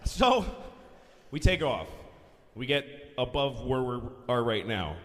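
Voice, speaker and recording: A man doing stand-up comedy, telling a story with animated, profane delivery that breaks into shouts. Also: mid-range voice, takes it slowly. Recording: long-reverb theater hall, faint noise.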